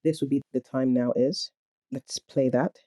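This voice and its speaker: A man walks through a programming tutorial step by step in a relaxed, explaining manner. His voice is warm and mellow, and the recording is close and dry with no room sound. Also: mid-range voice, a little slow, no echo. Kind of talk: screen-recorded coding tutorial.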